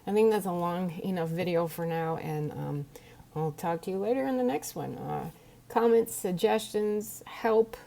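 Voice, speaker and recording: A woman's voice: fairly low pitch, normal speed, gravelly, mellow. A middle-aged woman talking earnestly and emotionally to viewers in a personal video diary, close to tears. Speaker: vlogger.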